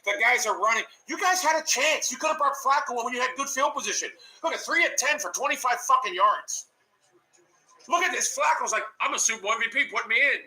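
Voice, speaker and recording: A man's voice: extremely high pitch, sharp tone, echoey room, poor audio. A man giving profane, mocking reaction commentary on game footage, laughing and cursing as he talks.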